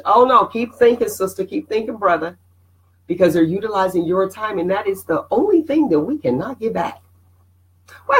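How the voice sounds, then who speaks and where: A middle-aged woman hosting a casual motivational live stream, animated and preachy, greeting viewers by name. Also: medium pitch, low-quality recording.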